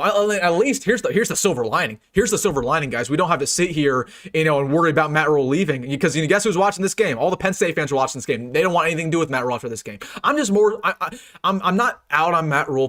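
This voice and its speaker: A man's voice: on the high side, fairly bright tone. A young man hosting a live-streamed sports reaction, ranting in an emphatic, repetitive, frustrated way. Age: young adult. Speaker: sports fan channel host.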